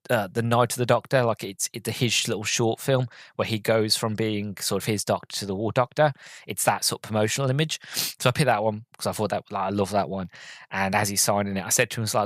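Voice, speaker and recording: A podcast host with a fairly low, fairly bright voice talks fast in a fairly even tone, with no room sound. He tells a rambling, hesitant story full of ums and restarts, earnest and openly emotional as a fan, in a casual storytelling review.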